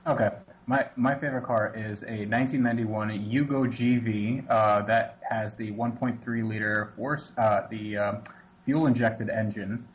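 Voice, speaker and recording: A man's voice: fairly low pitch, steady tone, normal speed, highs cut off. A man who is a podcast guest, chatting casually in an easygoing, joking way. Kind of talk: casual interview chat.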